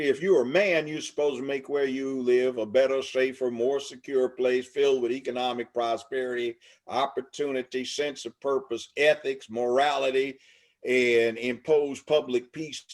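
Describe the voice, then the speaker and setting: A man's voice: mid-range voice, fairly even intonation, moderate pace, a little mellow. An older man from Los Angeles, talking as an interview guest in an emphatic, preachy way with long lists. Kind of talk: casual interview talk.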